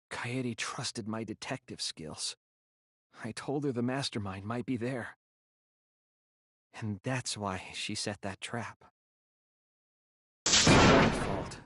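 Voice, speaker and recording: An actor voicing an earnest teenage boy detective in a video game, speaking in a soft-spoken way. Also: mid-range voice, slightly rough, no room sound, studio quality, heavily acted. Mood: guilty.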